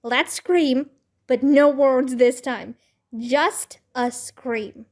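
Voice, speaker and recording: A woman's voice: high-pitched, very slow, darkish tone, full character voice. Woman doing a dramatic little schoolgirl. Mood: scheming.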